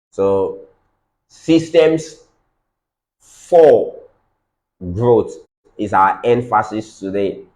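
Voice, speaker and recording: A man's voice: lowish voice, a little mellow, poor audio. A man with a Nigerian accent giving a business training lecture, repeating key phrases for emphasis and checking in with his audience.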